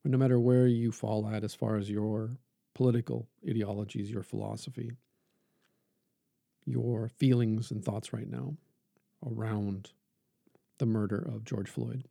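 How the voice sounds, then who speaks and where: Male preacher, gravelly and dark-toned, measured sermon reading with building emphasis. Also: on the low side, steady tone, no echo, studio quality. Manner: measured and earnest, halting pauses, rising emphasis when reading. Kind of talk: podcast reflection and sermon reading.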